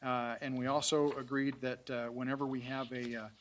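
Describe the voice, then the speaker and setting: A man from city staff briefing a council at a public meeting, halting, with many fillers and restarts. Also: mid-range voice, little pitch movement, a bit bright, a little hiss or hum. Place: council chamber.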